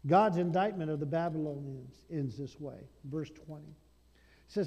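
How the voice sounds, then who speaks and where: A male pastor preaching a sermon, swinging between loud declarations and hushed asides. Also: on the high side, measured pace, in a large hall, lo-fi sound.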